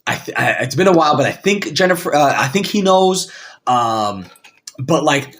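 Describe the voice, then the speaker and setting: A man co-hosting a podcast, arguing his case in a casual debate, animated and rambling, with lots of "like" fillers. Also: on the high side, moderate pace. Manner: animated, rambling, heavy use of "like". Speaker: podcast co-host.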